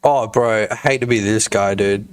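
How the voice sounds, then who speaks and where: A man's voice: on the low side, steady tone, moderate pace, smooth. A young man streaming his game development live, talking crudely and jokily in rambling bursts full of filler tags. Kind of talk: casual live-stream chat.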